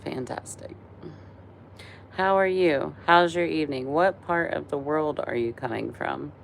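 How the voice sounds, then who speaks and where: A woman's voice: low-pitched, normal speed, creaky, slight background noise. A tired woman in her forties hosting a casual live stream, chatty and rambling, laughing often between thoughts. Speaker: livestream host.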